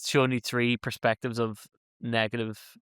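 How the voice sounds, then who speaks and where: A man co-hosting a casual TV reaction podcast, animated and laughing often. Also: medium pitch, moderate pace, clear, resonant tone, no echo, clean studio sound. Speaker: podcast co-host.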